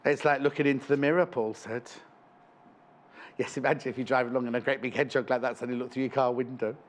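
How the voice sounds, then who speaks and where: A man's voice: mid-range voice, steady tone, quick pace. A man presenting live on a shopping channel, chatting and joking in rambling asides. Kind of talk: live TV sales chat. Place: TV studio.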